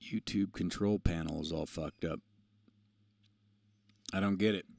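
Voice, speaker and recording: A man with a low voice hosts a casual livestream, talking loosely and swearing often. He drifts into motivational talk. The sound is dry, with almost no room echo. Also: steady tone, unhurried, vocal fry, a little mellow. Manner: rambling, profane, motivational. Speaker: livestream host.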